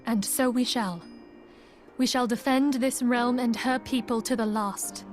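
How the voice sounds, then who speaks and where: A woman's voice: fairly high pitch, steady tone, faint music behind, lightly acted. Minfilia, a woman voicing a solemn young leader. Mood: sorrowful resolve. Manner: solemn, measured. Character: earnest young woman leader, grieving, resolute. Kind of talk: video game cutscene dialogue.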